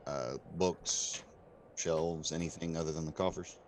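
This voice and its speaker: A man playing a tabletop game online, thinking aloud in a measured way. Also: rumbling low, fairly even intonation, slight background noise. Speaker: player. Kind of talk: casual tabletop game chat.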